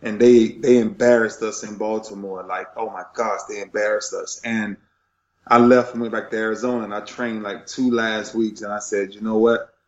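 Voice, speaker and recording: A man's voice: fairly low pitch, steady tone, moderate pace, reverberant, muffled recording. A middle-aged man, a retired football player, telling an emotional story in a passionate, preacher-like rhythm.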